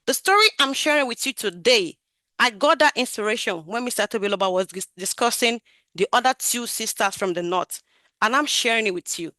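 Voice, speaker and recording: A woman speaks with a bright, forceful edge and a somewhat high voice. She is emphatic and animated, pushing her voice up and pulling it back down to stress her points. The sound is dry and close, as if heard over a video call. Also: a little fast, dry recording. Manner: animated, emphatic, varies her loudness and projection. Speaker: QA tester sharing career story. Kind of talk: talk on a webinar.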